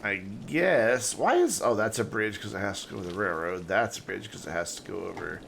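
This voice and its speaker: A man's voice: fairly low pitch, lively intonation, fairly quick, vocal fry, fairly bright tone, a little hiss or hum. Guy rambling thru a city builder stream, very up and down voice, faint rain behind. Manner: rambling, thinking aloud while playing. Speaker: game streamer. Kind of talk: casual live gameplay commentary.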